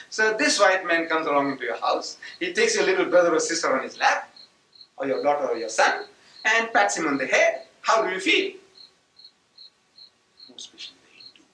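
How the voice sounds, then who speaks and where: A man's voice: high-pitched, sharp tone, a little hiss or hum. A man whose first language is Gujarati, giving a religious lecture with rhetorical questions and sudden emphatic outbursts. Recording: echoey hall taped from a distance.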